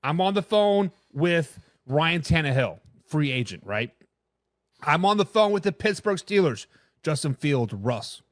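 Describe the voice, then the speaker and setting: Opinionated high-voiced man talking sports. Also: a little slow, no room sound, studio quality. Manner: opinionated, reads and answers live chat; stumbles and repeats words when excited. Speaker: sports talk show host. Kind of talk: live-streamed casual sports talk.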